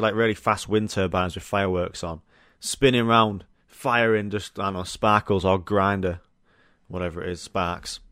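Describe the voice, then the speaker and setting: A man's voice: fairly low pitch, a bit bright, no echo, clean studio sound. A young man hosting a solo podcast, chatting casually and swearing through rambling stories. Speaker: podcast host.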